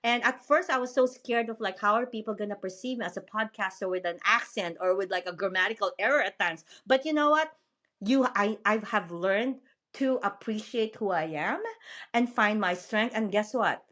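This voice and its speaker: A woman from the Philippines with a Filipino accent, hosting a podcast interview in a frank, animated way with lots of fillers. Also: mid-range voice, moderate pace. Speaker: podcast host. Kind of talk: casual interview chat.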